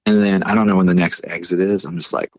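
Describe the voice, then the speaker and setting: A man telling a story casually, laid-back, full of fillers, acting out quotes in a higher voice. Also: quick pace, no room sound. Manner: animated, acts out quotes in a higher voice. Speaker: podcast guest.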